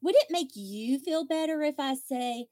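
A woman's voice: high-pitched, animated, moderate pace, a little mellow, no echo, clean studio sound. A woman hosting a podcast, telling candid, wry stories in casual chat and acting out what others said. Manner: candid, wry storytelling with quoted voices. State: widow. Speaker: podcast host.

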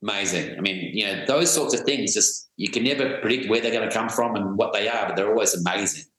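A man, a guest musician talking in a relaxed way with many fillers. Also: lowish voice, fast talker, heavy reverb, poor audio. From Australia. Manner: relaxed, many "you know"s. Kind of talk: remote interview chat.

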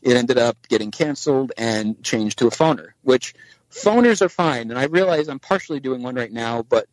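A man at an ordinary middle pitch tells a long story as a podcast guest, acting out each exchange in bits of other voices. The sound is close and dry, with no room around it. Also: moderate pace, no room sound, low-quality recording. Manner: animated anecdote teller, acts out dialogue in voices. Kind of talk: casual storytelling chat.

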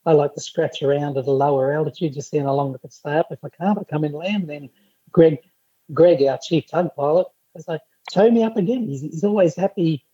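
A male podcast guest tells lively stories in a husky, warm voice. The sound is a dull, lo-fi remote line, dry with no room echo. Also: fairly high pitch, a little fast. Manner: lively anecdotal storyteller. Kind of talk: casual chat.

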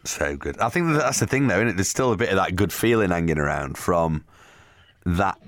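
A man's voice: low voice, lively intonation, brisk, fairly bright tone, no room sound, clean studio sound. A man hosting a podcast, chatting casually about cricket and laughing easily. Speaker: podcast host.

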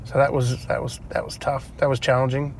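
A man's voice: medium pitch, level tone, brisk, slight background noise. Chatty Australian man with a laugh. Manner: chatty, laughs often, acts out dialogue in a raised voice. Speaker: interview guest, retired footballer. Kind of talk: casual storytelling interview. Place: inside a parked car.

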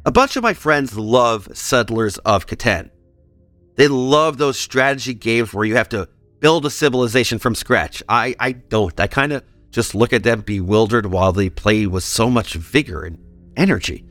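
A man's voice: medium pitch, moderate pace, fairly bright tone, no echo, faint music behind. A man hosting a history podcast, reading scripted narration and breaking off for playful personal asides.

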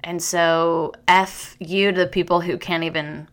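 A young woman hosts a podcast in a loose, rambling chat, breaking off and restarting her sentences and laughing at herself as she goes. Her voice sits a little low for a woman, yet it has a bright, forward edge. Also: steady tone. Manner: chatty, rambling, self-deprecating, with restarts and quick laughs. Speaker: podcast host. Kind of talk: casual chat monologue.

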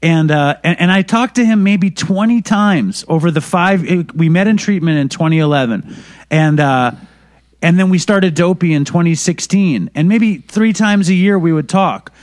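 This is a man recounting personal stories in a relaxed podcast chat. His voice sits a bit higher than most men's, and he speaks bluntly, cursing casually. The sound is dry and close, with no room around it. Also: normal speed, no room sound. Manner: candid, profane storytelling. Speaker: podcast guest. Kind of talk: casual conversation.

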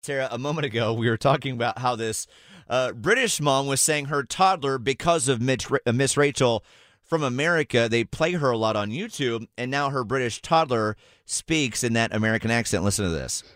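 A man hosting a morning radio show, chatting casually with jokes and quick asides. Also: mid-range voice, fairly bright tone, no echo, clean studio sound.

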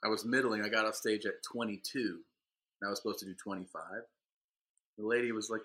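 Bright-voiced man telling profane stories. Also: on the low side, steady tone, quick pace, breathy edge. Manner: profane, swings into mock voices for others in his stories. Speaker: comedian guest. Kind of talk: casual podcast chat, storytelling.

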